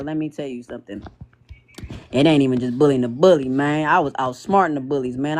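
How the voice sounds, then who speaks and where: A young man speaking in a casual livestream monologue, animated and slangy, laughing often as he talks. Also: a little high, slight background noise. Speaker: TikTok live host.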